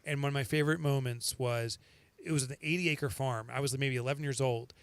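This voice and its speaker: A man from the Northeast United States hosting a podcast, telling stories in an animated, laughing way. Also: mid-range voice, a little fast, clear, resonant tone, dry recording. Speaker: podcast host. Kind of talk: casual storytelling chat.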